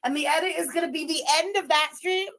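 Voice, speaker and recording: A woman's voice: sits high, quick pace, a bit bright. A woman hosting a live stream, chatting casually, giggling, gloating and swearing as she reacts. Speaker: streamer and channel host.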